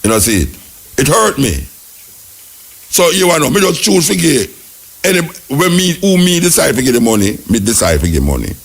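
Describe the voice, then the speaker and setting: A man's voice: fairly high pitch, big pitch swings, moderate pace, vocal fry, breathy edge. A man speaking with a Jamaican accent, hosting a radio call-in show and telling rambling stories in patois. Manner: rambling patois storytelling with acted quotes. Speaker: radio talk show host. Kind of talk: casual storytelling and call-in chat.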